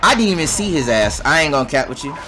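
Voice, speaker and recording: A young man giving profane gameplay commentary, muttering to himself and then bursting into yelling. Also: on the high side, very animated, quick pace. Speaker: gaming channel host.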